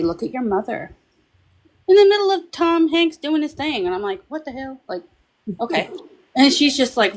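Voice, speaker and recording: A woman on a paranormal discussion panel, telling a personal story in a chatty, animated way and acting out the voices of the people in it. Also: mid-range voice, rough recording. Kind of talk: casual storytelling.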